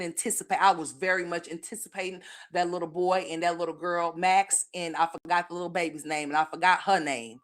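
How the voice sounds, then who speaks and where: Woman, blunt profane commentary, lower pitch, rambling. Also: a bit bright. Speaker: commentary channel host. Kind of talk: casual opinion commentary.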